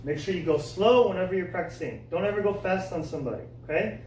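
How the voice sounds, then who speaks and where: A man's voice: high-pitched, fast. Martial arts instructor man in echoey studio. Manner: repeats "okay?" often, shouts loud kiai cries. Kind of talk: follow-along class instruction for kids. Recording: echoey room, from far off, faint noise.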